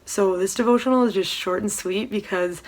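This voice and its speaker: A young woman giving a casual devotional talk from home, soft-spoken and hesitant, with many pauses and ums. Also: mid-range voice. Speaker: church devotional speaker. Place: room at home.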